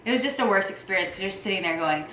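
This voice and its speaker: Animated woman with a bright voice. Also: rapid-fire, slight background noise. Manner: animated, acts out quotes in high squeals. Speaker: vlogger, partner of the mother. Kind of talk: casual storytelling. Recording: echoey room.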